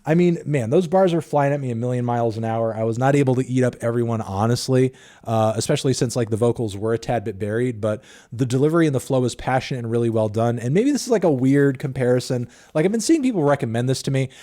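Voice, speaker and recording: Brief: man, thirties, casual livestream music reviewer, mellow tone, swears a lot, rambles. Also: mid-range voice, quick pace, few pauses. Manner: sarcastic, profane, rambling with fillers.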